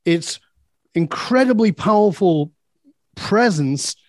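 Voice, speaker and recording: A man's voice: high-pitched, lively intonation, slow, dry recording, clean studio sound. A man guest on a podcast, telling personal stories in a blunt, emphatic way and swearing freely. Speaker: podcast guest, leadership speaker. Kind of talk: candid personal storytelling.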